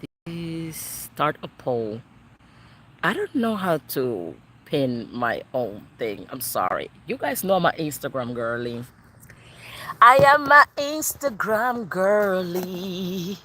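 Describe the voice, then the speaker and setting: A woman giving a live tarot reading, excitable and expressive, swearing casually as she talks to viewers. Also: fairly low pitch, slow pace, slight background noise. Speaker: tarot reader.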